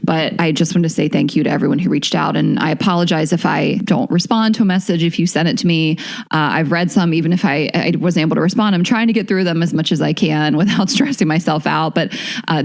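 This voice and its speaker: A woman co-hosting a podcast in casual chat, talking haltingly with restarts and nervous laughs. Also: deep voice, fairly even intonation, creaky. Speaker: podcast co-host.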